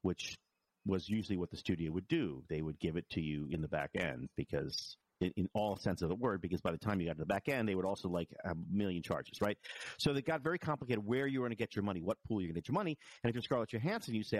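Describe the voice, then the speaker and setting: A man's voice: sits low, fast. A man who works as a TV writer, chatting casually and acting out quoted dialogue as he tells stories. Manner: animated storyteller, acts out quoted dialogue. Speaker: TV writer and producer. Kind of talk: casual conversation.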